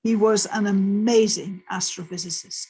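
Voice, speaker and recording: A woman's voice: medium pitch, fairly even intonation, moderate pace, mellow, slight background noise, low-quality recording. An older woman astrophysicist giving a lecture, telling the story in a vivid present tense and explaining plainly. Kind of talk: lecture told as a personal story.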